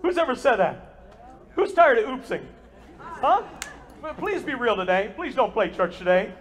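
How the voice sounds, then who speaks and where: High-voiced male pastor preaching in an echoing church. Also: moderate pace. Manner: energetic, joking preacher who talks straight to the congregation. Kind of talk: sermon. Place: church sanctuary with a live congregation.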